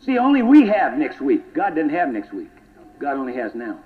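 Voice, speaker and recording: A man preaching a sermon with rhythmic repetition, swinging from hushed whispers to loud emphasis. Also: on the high side, huge pitch swings, moderate pace. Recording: tinny phone-like sound.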